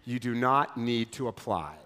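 A male pastor preaching a sermon in a conversational, wry storytelling manner with quick acted asides. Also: mid-range voice, lively intonation, sharp tone.

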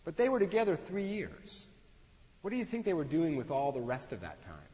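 A man's voice: a little high, huge pitch swings, a little fast, warm tone. A man preaching a sermon in a conversational way, acting out the voices he quotes. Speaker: pastor. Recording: dull sound in a long-echo hall.

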